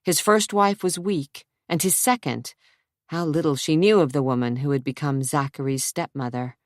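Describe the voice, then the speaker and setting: Low-voiced woman reading a thriller. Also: normal speed, darkish tone, no echo, studio quality. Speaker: audiobook narrator. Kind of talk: scripted narration.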